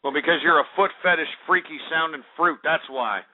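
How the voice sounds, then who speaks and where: A man's voice: on the high side, fairly quick. A man hosting a call-in radio show, brash and mocking, trading insults with callers. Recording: phone-like lo-fi broadcast audio.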